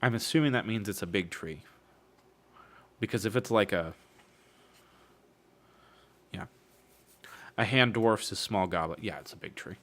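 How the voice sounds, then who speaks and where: This streamer reads a novel aloud casually, breaking between passages for swearing, wry humor. His voice is fairly low and a bit bright, and he keeps a measured pace with long pauses.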